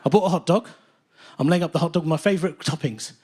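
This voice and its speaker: A man from England in his thirties performing a stand-up comedy set in a theatre, telling stories with animated bursts of indignant ranting. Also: fairly high pitch, quick pace, a little hiss or hum. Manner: animated storytelling, bursts into loud indignant rants. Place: large theatre stage. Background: audience laughter.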